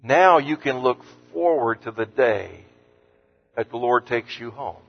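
A man preaching an earnest sermon as pastor, lifting his voice on scripture quotes and dropping low and soft on words of comfort. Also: lively intonation, unhurried, gravelly. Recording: muffled sound with long hall reverb.

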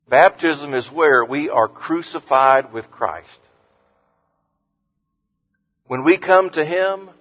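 A man preaching an earnest sermon as pastor, lifting his voice on scripture quotes and dropping low and soft on words of comfort. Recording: muffled sound with long hall reverb.

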